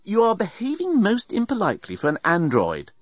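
Man voicing a prim young woman, cross and formal, higher voice, dry room. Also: huge pitch swings, brisk, no room sound, exaggerated voice. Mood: stern. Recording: dull, muffled sound.

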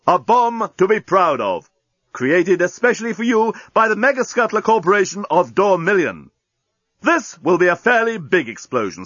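A man voicing a talking bomb that boomingly announces its own countdown like a cheerful salesman, slow and formal. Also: fairly bright tone, no echo, muffled recording, full character voice.

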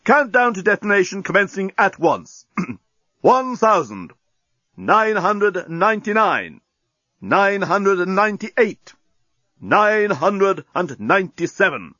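A man voicing a talking bomb that boomingly announces its own countdown like a cheerful salesman, slow and formal. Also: sing-song, sharp tone, no echo, muffled recording, exaggerated voice. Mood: announcing.

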